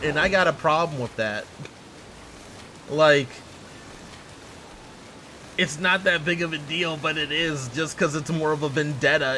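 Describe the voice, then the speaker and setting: A man streaming a game live, excitable and exasperated, talking to his chat and to the game. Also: fairly high pitch, a little hiss or hum.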